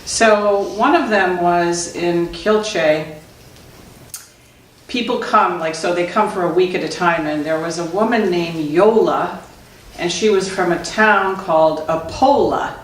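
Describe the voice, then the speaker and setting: A woman's voice: lowish voice, unhurried. A middle-aged woman, a Zen teacher, telling funny anecdotes and laughing often as she talks. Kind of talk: storytelling talk. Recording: echoey room, distant mic, noisy.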